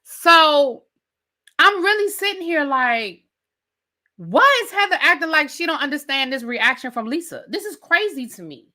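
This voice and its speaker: A woman with a high, bright voice rants sassily through a reality TV recap. She talks straight to her viewers in a loose, conversational style. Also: animated, a little slow. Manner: sassy, conversational, addresses viewers as y'all. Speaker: TV recap host. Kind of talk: animated reality TV rant.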